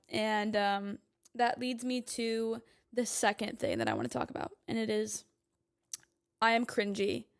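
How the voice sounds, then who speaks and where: Woman, twenties, podcast host, casual monologue, chatty, filler-heavy, slightly high-pitched. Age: 20s. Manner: chatty, lots of "like" fillers, emphatic.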